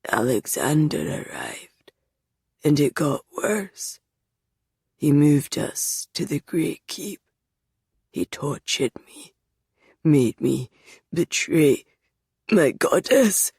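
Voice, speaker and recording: A woman reading an audiobook, voicing a tormented young male captive in a low, raspy, monotonous half-whisper. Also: very slow, pauses often, dry recording, clean studio sound, exaggerated voice. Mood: haunted. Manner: monotonous, hushed. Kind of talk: audiobook character voice.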